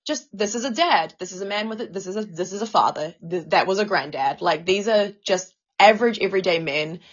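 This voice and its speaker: A woman's voice: mid-range voice, lively intonation, brisk, muffled recording. Stammering, swearing New woman. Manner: emotional, stammering, swears often. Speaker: podcast co-host. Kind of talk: casual podcast chat.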